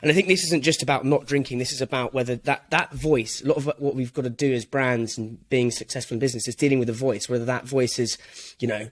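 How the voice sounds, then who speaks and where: A man's voice: mid-range voice, steady tone, quick pace. A man with an English accent hosting a podcast, asking long, searching questions full of fillers. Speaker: podcast host. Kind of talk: conversational interviewing.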